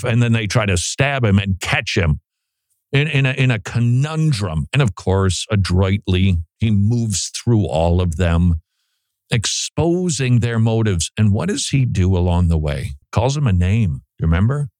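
A male pastor delivers a sermon with a lively, swooping pitch that rises and falls on every point. He is emphatic and often stumbles over repeated words as he presses ahead. The sound is dry and close, with no room echo. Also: moderate pace. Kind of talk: expository sermon.

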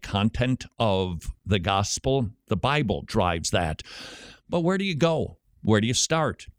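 A man hosting a radio show, answering listener questions in a lively, chatty way. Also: medium pitch, no room sound, studio quality.

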